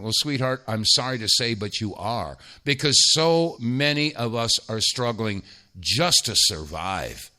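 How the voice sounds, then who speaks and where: A man's voice: mid-range voice, big pitch swings, takes it slowly, bright, forceful tone. A man hosting a talk radio show, emphatic and sarcastic, rambling with many restarts.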